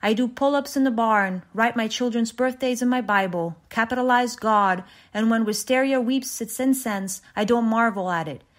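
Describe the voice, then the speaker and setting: A woman reading a short story aloud in an even, measured way, with small restarts. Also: on the high side. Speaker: reader.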